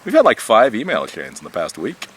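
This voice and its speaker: With a lowish voice, big pitch swings and a brisk pace, this man records over a slight hiss or hum. He's a tech YouTuber doing a casual outdoor vlog monologue, rambling animatedly and breaking into swearing and laughter now and then.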